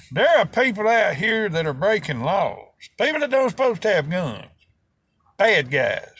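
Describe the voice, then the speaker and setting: A man's voice: high voice, big pitch swings, unhurried, bright, forceful tone, breathy edge, no room sound. A middle-aged man with a Southern American accent ranting in a folksy, heated way, full of rural slang. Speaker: video host. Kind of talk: opinion rant to camera.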